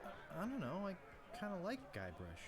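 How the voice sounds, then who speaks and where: An eager, naive young would-be pirate, earnest and a little awkward. He talks quickly with a lively, bouncing pitch. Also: a crowd in the background. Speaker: game protagonist.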